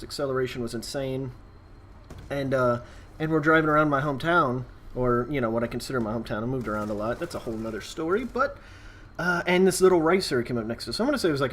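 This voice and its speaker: A man's voice: medium pitch, fairly bright tone, a little hiss or hum. A man telling a story in a casual, rambling style, with lots of fillers and asides, as a gaming video host. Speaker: gaming YouTuber. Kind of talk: casual storytelling over gameplay.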